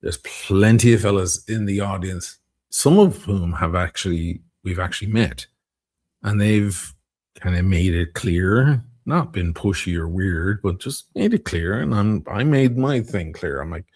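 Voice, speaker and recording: A man's voice: low-pitched, lively intonation, measured pace, darkish tone, slightly rough. A man chatting casually on a live stream, rambling, swearing freely and laughing often between thoughts.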